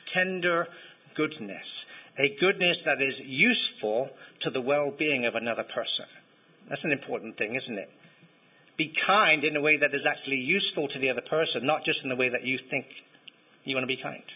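Bright, husky-voiced male preacher. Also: medium pitch, moderate pace, poor audio. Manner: conversational, asks the congregation to respond. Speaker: pastor. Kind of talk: sermon.

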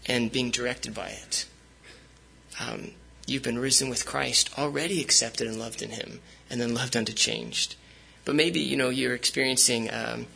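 A man's voice: mid-range voice, gravelly, pushed and bright, breathy edge, rough recording. A man preaching a sermon as pastor, speaking conversationally with frequent fillers and restarts.

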